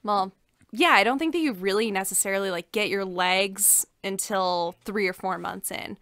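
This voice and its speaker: Bright-voiced woman, energetic podcast guest. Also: medium pitch, normal speed, dry recording. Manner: energetic, laughs easily. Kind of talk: casual chat.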